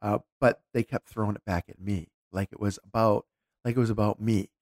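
A man's voice: on the low side, fairly even intonation, brisk, a little mellow, no echo, clean studio sound. A man talking casually and candidly, reflecting aloud as he tells a personal story with frequent restarts.

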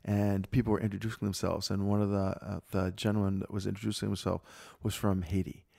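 A man co-hosting a podcast, chatting casually and telling animated stories with frequent laughter. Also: fairly low pitch, fast talker, vocal fry. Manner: animated storyteller, laughs often. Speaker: podcast co-host. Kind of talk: casual chat.

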